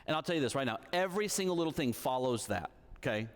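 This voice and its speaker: Fast and expressive with few pauses, this medium-pitched thirties-aged preacher delivers his sermon in a church hall. He weaves in conversational stories and keeps checking in with the audience.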